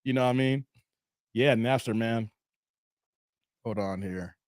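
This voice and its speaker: A man in his thirties hosting a casual live stream, animated and laughing often, his voice a little strained from long streaming. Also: medium pitch, unhurried, dry recording, clean studio sound. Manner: animated, laughs often, breaks into playful sung bits. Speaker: live stream commentary host. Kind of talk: casual live stream chat reading donations.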